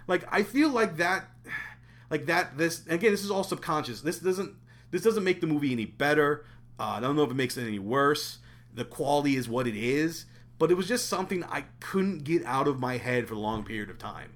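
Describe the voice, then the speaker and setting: A man co-hosting a casual podcast about a film, talking with animated stops and restarts. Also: on the high side, fairly quick. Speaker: podcast co-host.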